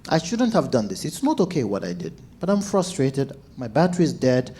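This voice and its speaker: Animated stand-up man. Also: mid-range voice, a little fast, husky. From Zambia. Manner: animated, acts out shouts and quotes. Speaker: stand-up comedian. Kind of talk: stand-up storytelling.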